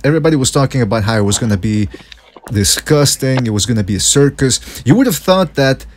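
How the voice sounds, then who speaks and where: A man co-hosting a podcast, chatting casually in a jokey, storytelling way. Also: medium pitch. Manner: chatty, jokey storyteller who drops into mock voices. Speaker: podcast co-host. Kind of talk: casual chat.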